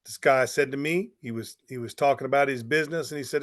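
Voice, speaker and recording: A man, a pastor, giving a motivational talk with energetic storytelling and repeated phrases for emphasis. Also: mid-range voice, quick pace, hardly any pauses. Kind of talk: motivational talk to network marketers.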